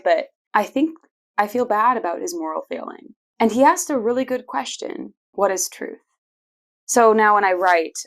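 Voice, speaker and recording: Chatty young woman telling stories. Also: on the low side. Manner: chatty and playful, laughs often. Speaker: podcast host. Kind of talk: casual personal storytelling.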